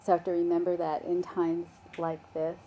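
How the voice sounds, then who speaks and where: A woman meditation teacher giving a gentle, unhurried dharma talk, with soft laughs and fillers. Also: lowish voice, monotone, muffled recording, soft background music.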